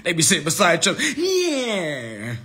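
A man's voice: high voice, lively intonation, normal speed, a bit bright. A man ranting on a livestream in a brash, taunting way, repeating "all right? okay?" to drive his points home. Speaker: livestream host.

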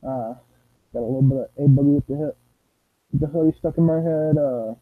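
A man's voice: mid-range voice, fairly quick, dry recording. A young man giving rambling, playful commentary while streaming a game. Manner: rambling, playful, sings nonsense sounds. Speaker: gameplay streamer. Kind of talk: casual gameplay commentary. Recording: tinny lo-fi dry mic.

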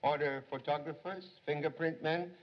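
A composed, sage detective in an old film, as an actor plays him, his voice sitting a little high. He speaks in terse, clipped sayings that drop the small words. The sound is dull and lo-fi, like a 1930s soundtrack. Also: fairly even intonation, moderate pace, close to an everyday voice. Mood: deductive. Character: calm, wise middle-aged male detective.

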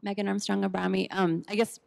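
A woman in the audience asks a short follow-up question at an academic talk. Her voice has a gravelly creak, and she gets straight to the point. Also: medium pitch, level tone, fairly quick, darkish tone. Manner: direct, brief follow-up question. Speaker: audience member asking a question. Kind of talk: academic conference Q&A.

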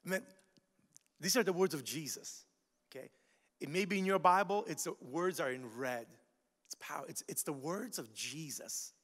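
A man preaching a sermon as pastor, lively and casual, full of asides and repeated phrases. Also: on the high side, normal speed, long reverb tail. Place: large church hall.

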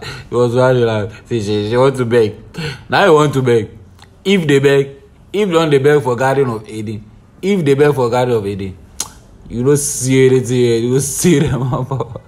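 A man's voice: medium pitch, measured pace. Chuckling Nigerian man reacting on camera. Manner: chuckling, excitable, teasing, Pidgin-sprinkled asides. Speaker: reaction vlogger. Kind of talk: laughing reaction commentary.

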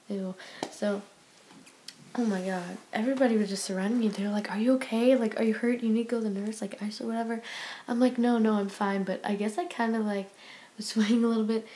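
A woman's voice: mid-range voice, dark tone. A teenage girl telling a story at home in a rambling vlog, full of exclamations and dropping now and then into a whisper. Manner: rambling, breathless, lots of "oh my god", drops to whispers. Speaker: vlogger.

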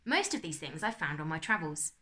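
A woman's voice: low-pitched, very animated, brisk, sharp tone, full character voice. A woman reading aloud and voicing a cheerful, fussy older uncle in a children's storybook, with a hearty, flustered manner. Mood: jovial.

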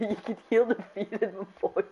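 A woman chatting excitably as she streams a game, laughing often and breaking into loud exclamations. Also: mid-range voice, lo-fi sound, slight background noise. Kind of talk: casual gameplay chat.

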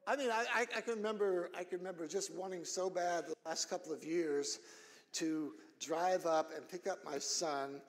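A middle-aged man preaching a sermon as pastor, earnest, repeating phrases and building up to shouted emphasis. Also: high-pitched, normal speed, big-room sound. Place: church sanctuary.

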